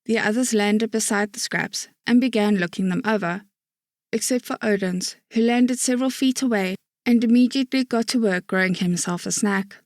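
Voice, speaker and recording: A woman narrating an audiobook chapter in a steady storytelling manner. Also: mid-range voice, moderate pace, no room sound, studio quality. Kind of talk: scripted narration.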